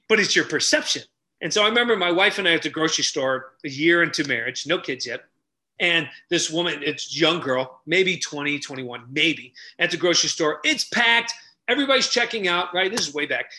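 A middle-aged man telling stories loudly on a podcast, acting out each character's lines as a relationship coach. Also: sits high, brisk. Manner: animated, loud, acts out dialogue. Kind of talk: energetic storytelling in casual chat.

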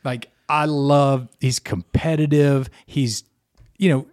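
A man's voice: medium pitch, fairly even intonation, takes it slowly, darkish tone, no room sound. A middle-aged man co-hosting a podcast in a casual sports chat, opinionated and rambling, with restarts and hedges. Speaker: podcast co-host.

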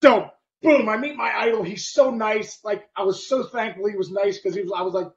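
A middle-aged man, a former ballplayer hosting a podcast, telling a story in casual, animated chat with bursts of sound effects. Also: sits high, fairly quick, dull audio. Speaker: podcast host, former baseball player.

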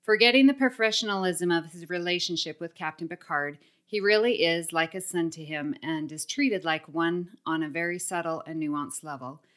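A woman's voice: on the low side, normal speed, few pauses, a bit bright. A woman hosting a casual podcast, upbeat, laughing often and reading listener mail aloud. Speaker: podcast host.

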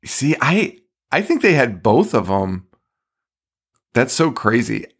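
A man co-hosting a horror movie podcast in casual chat, laughing often and swearing freely between halting restarts. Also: mid-range voice, very animated, breathy edge. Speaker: podcast co-host.

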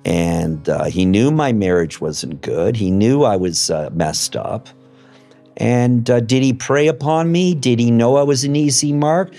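A man giving an emotional, halting account as an interviewee, swearing at times. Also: on the low side, expressive, a little mellow, faint music behind. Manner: halting and emotional, with fillers and profanity. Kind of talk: emotional personal testimony.

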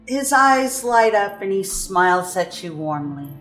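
A woman narrating a tabletop game as game master, describing scenes slowly. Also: mid-range voice, animated, fairly bright tone, reverberant, soft background music.

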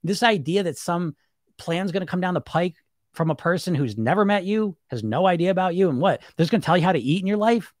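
Animated man coaching in a dry, close sound. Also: high voice, fairly quick, dry recording. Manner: animated, conversational, acts out inner voices. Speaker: weight-loss coach. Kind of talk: casual coaching talk.

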